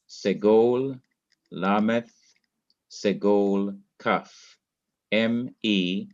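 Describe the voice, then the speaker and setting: Man, slow deliberate lecturing, lowish voice, dull lo-fi laptop sound. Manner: slow, deliberate, repeats key points. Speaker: Hebrew language teacher. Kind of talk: online classroom lecture. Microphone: laptop mic.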